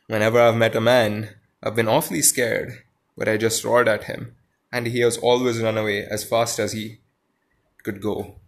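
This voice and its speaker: A man's voice: on the low side, level tone, moderate pace, natural voice. A man reading aloud a timid, self-pitying male lion who is ashamed of his cowardice, in a storybook reading. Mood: sorrowful.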